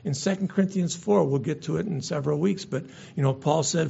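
A man's voice: on the high side, fairly quick, vocal fry, few pauses, mellow, slightly rough. A man preaching a sermon as pastor, earnest and conversational, sometimes restarting his words. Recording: dull lo-fi recording.

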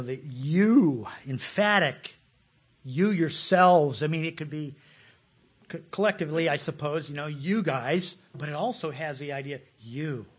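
A man preaching a sermon, folksy and animated, with repeated words and frequent chuckles. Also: a little high, breathy edge.

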